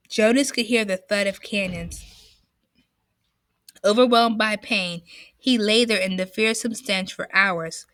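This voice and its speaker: A woman reading a novel aloud in a slow, careful way, with a few small slips. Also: mid-range voice, fairly bright tone, no echo.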